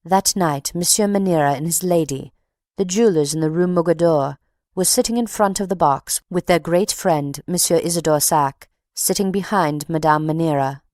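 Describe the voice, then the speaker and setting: A woman's voice: low voice, normal speed, darkish tone, no room sound, clean studio sound, lightly acted. A woman voicing an indignant, talkative middle-aged box-keeper who tells her story haughtily. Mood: gossiping.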